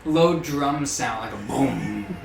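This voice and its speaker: A man's voice: a little high, normal speed, reverberant, soft background music, poor audio. A man running a tabletop game as game master, narrating and calling rolls with frequent laughter. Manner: laughing often, relaxed rules talk.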